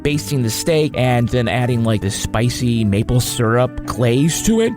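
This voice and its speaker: A man's voice: medium pitch, a little slow, music in the background. A man co-hosting a podcast, joking around and reading ads in a playful, casual way. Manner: jokey, playful, lively delivery. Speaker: podcast co-host. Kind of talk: casual banter and ad reads.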